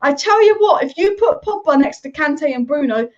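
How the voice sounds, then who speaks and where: A woman's voice: high-pitched, lively intonation, normal speed. A woman hosting a football live stream, reading viewer comments and giving passionate, rambling opinions. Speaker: football channel host. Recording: dull lo-fi stream audio.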